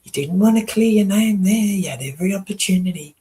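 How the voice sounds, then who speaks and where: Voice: mid-range voice, a little fast, warm tone, a little hiss or hum, low-quality recording. A panel guest delivering a contemptuous, accusing monologue, partly in a harsh whisper.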